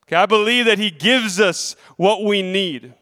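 A man's voice: sits high, moderate pace, sharp tone. Preacher man reading scripture in a hall. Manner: reads scripture aloud then preaches earnestly, repeating key lines.

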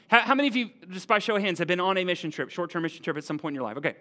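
Animated, conversational preacher man. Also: sits high, very fast, hardly any pauses. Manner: animated, conversational, asks the room "right?". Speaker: pastor. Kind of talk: sermon.

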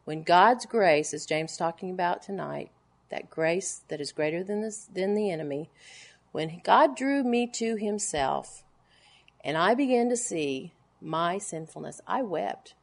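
A woman's voice: animated, a little slow, gravelly. Woman preaching with emphatic swings. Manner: emphatic preaching, swings from loud declarations to hushed low lines. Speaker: women's Bible teacher. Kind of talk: sermon to a women's gathering.

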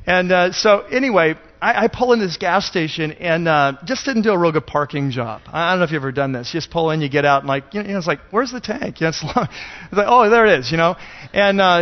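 High-voiced pastor telling a funny story. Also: male voice. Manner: self-deprecating, rambling, conversational. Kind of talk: humorous sermon storytelling. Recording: dull lo-fi sound.

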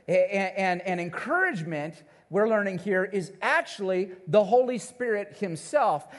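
A man preaching a sermon, telling a family story in a playful, animated way and checking in with the congregation as he goes. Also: high voice. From Missouri, USA. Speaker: pastor.

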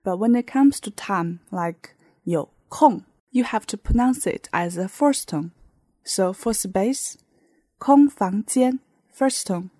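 Slow, mellow-voiced woman teaching. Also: medium pitch, animated, no room sound. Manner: patient, explains with many example sentences. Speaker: language teacher. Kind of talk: podcast language lesson.

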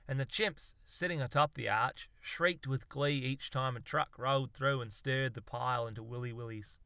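A man reads a comic story in a dry, wry storytelling manner. His voice is bright and crisp, with an average pitch. The recording sounds dry and close. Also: dry recording. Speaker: narrator. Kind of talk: audiobook narration.

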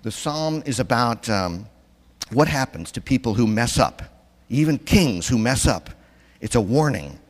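A man's voice: mid-range voice, sing-song, unhurried. A man giving a sermon in a conversational way, asking his congregation questions, recorded in a church. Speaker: preacher. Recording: long reverb in a church.

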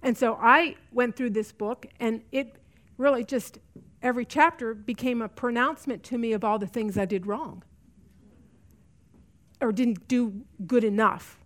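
A woman's voice: a little high, measured pace, fairly bright tone. A middle-aged woman teaching a women's Bible study, earnest and repeating key lines for emphasis. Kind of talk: teaching talk to a women's group.

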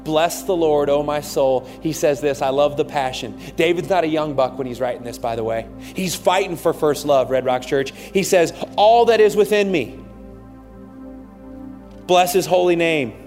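A fervent male pastor reads scripture in a large church, his voice a touch high for a man and growing ever more impassioned. A long reverb trails each phrase through the auditorium. Soft music plays faintly underneath. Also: moderate pace. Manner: fervent, preacherly, reads aloud with rising intensity. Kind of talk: sermon reading scripture.

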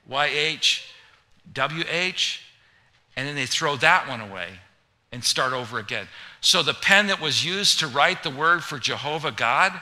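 A man preaching a sermon, chatty and joking, then building to loud, emphatic preaching. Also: medium pitch. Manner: conversational, humorous, rising to loud emphatic preaching. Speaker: pastor.

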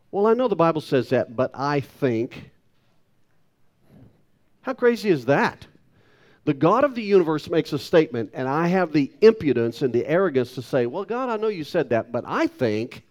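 A man's voice: on the high side, very animated, moderate pace, a little mellow. A man in his sixties preaching a sermon with emphatic delivery and self-deprecating asides. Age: 60s. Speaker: pastor.

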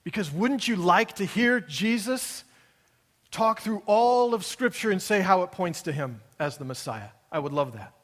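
A man with a high voice delivers a sermon. He talks in a conversational, wry way and acts out the lines he quotes. His voice carries a long hall reverb. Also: animated, moderate pace, a bit bright. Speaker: pastor.

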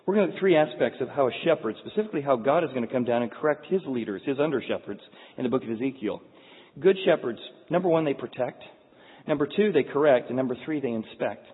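A man preaching a sermon, telling stories in an animated way with frequent restarts. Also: medium pitch, slightly rough. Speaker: pastor. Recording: phone-like sound in echoey hall.

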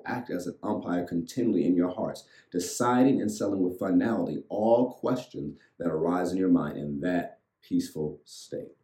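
A man's voice: low-pitched, dark tone, roomy sound, low-quality recording. A man pastor preaching a sermon to an online audience, leading them in reciting lines with rhythmic repetition. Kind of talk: sermon with call-and-response.

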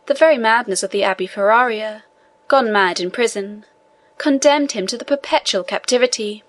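A woman narrating a classic novel in an even, measured reading. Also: on the high side. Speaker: audiobook reader. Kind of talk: scripted narration.

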